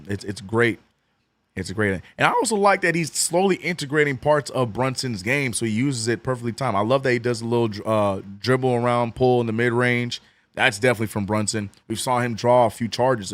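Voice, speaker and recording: New Orleans man, hoarse fan play-by-play. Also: dry recording. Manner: swings from excited calls to low, mumbled chat with viewers. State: voice cracking. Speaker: streamer doing fan play-by-play. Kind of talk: watch-along play-by-play and chat.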